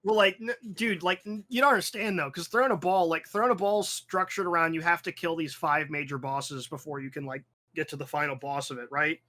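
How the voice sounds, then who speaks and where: A man's voice: fairly high pitch, brisk, hardly any pauses. A young man hosting a podcast, talking in a rambling, profane, casual way, often restarting his sentences. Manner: animated storytelling with acted-out asides. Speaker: podcast host. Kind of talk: casual chat.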